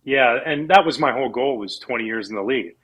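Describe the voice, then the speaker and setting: A man's voice: mid-range voice, fast talker, breathy edge, rough recording. A man in his forties, a former pro athlete, telling stories in a casual interview and acting out the people he quotes. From Canada. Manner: animated storyteller, acts out quoted people.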